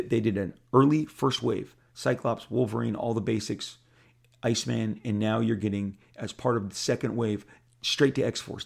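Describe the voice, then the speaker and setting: With a medium-pitched voice and vocal fry, a man in his fifties who draws comics rambles through casual stories. His monologue is full of repeated words and restarts.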